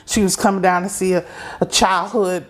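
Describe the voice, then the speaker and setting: Role: guest. Sex: woman. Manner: halting, unhurried. Pitch: lowish. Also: little pitch movement. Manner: halting, unhurried storytelling with pauses. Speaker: interview guest. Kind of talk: personal testimony in conversation.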